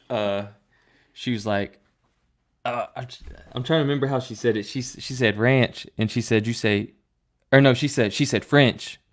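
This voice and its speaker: Man, low voice, relaxed podcast co-host, casual chat, laughs easily. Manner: laid-back, laughs while telling stories. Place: Tennessee.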